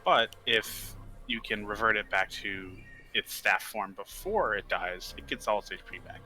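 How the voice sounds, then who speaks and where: A man's voice: lowish voice, measured pace, sharp tone, faint music behind, rough recording. A man playing a tabletop game, casually explaining how things work to the table. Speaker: player.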